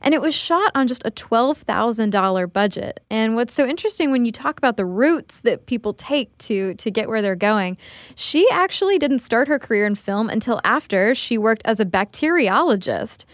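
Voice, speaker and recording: A woman's voice: a little high, expressive, moderate pace, no echo. A woman co-hosting a podcast, explaining events in an easy storytelling way. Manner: explanatory, tells facts in a storytelling way. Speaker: podcast co-host. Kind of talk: casual conversational podcast.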